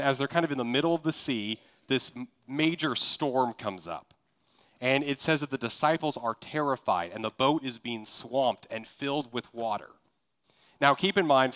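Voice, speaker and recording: A man's voice: medium pitch, fairly bright tone. A man from Kansas preaching a sermon in a loose, conversational way, full of rhetorical questions. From Kansas, USA. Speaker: pastor.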